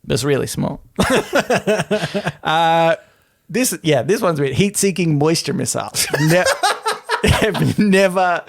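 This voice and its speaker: A man's voice: on the high side, expressive, takes it slowly, vocal fry, long pauses. Brief: male podcast co-host, giggly, list-reading, sing-song delivery with a lot of up and down. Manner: giggly, breaks into frequent laughter. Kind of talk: casual comedic chat, reading a list aloud.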